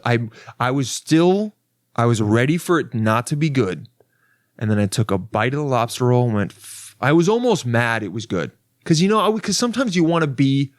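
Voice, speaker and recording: A young man rambles through a story as a podcast host, swearing freely and mocking himself, often restarting his sentences. His voice sits at an ordinary male pitch. It is recorded dry and close, with no room sound. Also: no echo. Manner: rambling, profane, self-mocking, with many restarts. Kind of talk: casual storytelling monologue.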